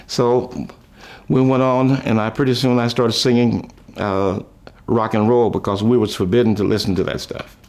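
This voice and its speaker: An older man reminiscing about his life, telling rambling, folksy stories with chuckles, trailing off and restarting, and lifting his voice high when he quotes people. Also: level tone, moderate pace, darkish tone. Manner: raises his voice high when quoting others. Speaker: musician recalling his life. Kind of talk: rambling storytelling.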